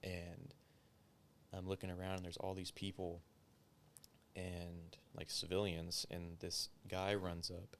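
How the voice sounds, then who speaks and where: A man's voice: low-pitched, flat delivery, slow pace, fairly bright tone, a little hiss or hum. A man, a former police officer, recounting a story in a casual interview, swearing often and filling his speech with "like". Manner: profane, filler-heavy storytelling.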